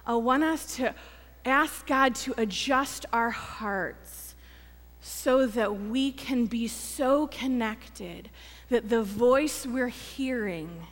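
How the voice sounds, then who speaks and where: A woman pastor giving a conversational sermon, telling stories with acted quotes and self-deprecating humor. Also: a little high. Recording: long reverb of a church hall.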